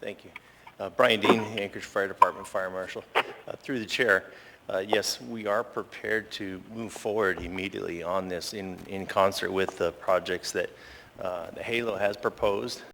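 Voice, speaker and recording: A fire marshal giving formal testimony at a public meeting, halting, with many fillers, recorded in an assembly chamber. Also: male voice, low-pitched, steady tone, vocal fry, big-room sound, background noise.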